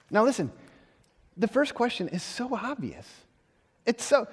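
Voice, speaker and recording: High-voiced man preaching in a hall. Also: moderate pace. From United States. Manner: conversational, animated, repeats words when restarting. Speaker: pastor. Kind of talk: sermon. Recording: long hall reverb.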